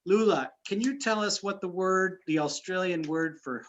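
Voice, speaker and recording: A man's voice: high voice, normal speed, slight background noise. A man hosting a casual chat over a computer mic, rambling and often interrupting himself. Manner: rambling, chatty, self-interrupting. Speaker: host.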